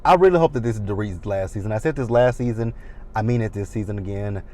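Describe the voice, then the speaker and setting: A man's voice: on the low side, fast talker, a little mellow. A man in his thirties recapping a reality show in a chatty, sassy way with dramatic asides. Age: 30s. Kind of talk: casual recap commentary.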